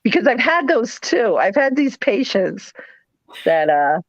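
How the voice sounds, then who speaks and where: A middle-aged woman with a New England accent, hosting a live sale and chatting in a rambling, animated way with playful put-on voices. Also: a little high, a little slow, dry recording, lo-fi sound. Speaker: live sale host, former nurse. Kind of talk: casual chat.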